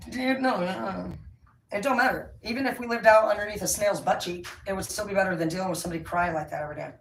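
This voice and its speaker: This tarot reader is a woman with a mid-range voice who talks fast, blunt, and emphatic while rambling through a casual reading. The recording is roomy and far from the mic, with faint ambience and slight background noise.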